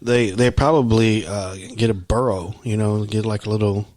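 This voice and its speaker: A man's voice: on the low side, fairly even intonation, normal speed, a little mellow, no room sound. Texan man rambling on a podcast. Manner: rambling, hesitant, lots of fillers. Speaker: podcast co-host. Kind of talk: casual chat.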